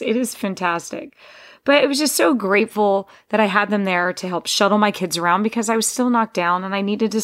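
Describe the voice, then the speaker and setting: Woman rambling on her podcast, lots of vocal fry, keeps going off on tangents. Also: mid-range voice. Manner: rambling, digressive, frequent restarts. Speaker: podcast host. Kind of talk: casual personal monologue.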